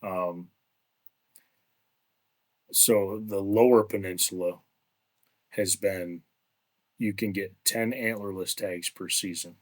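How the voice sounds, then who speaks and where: Male podcast host, very low voice, relaxed and chatty interviewer. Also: takes it slowly, long pauses. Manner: relaxed, chatty, conversational questions. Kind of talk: casual interview chat.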